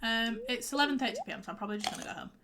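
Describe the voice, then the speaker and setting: A woman's voice: fairly high pitch, rapid-fire, background noise. A young woman chatting casually while live-streaming a farming game, teary and stuffy-nosed from crying, rambling and reacting aloud as she plays.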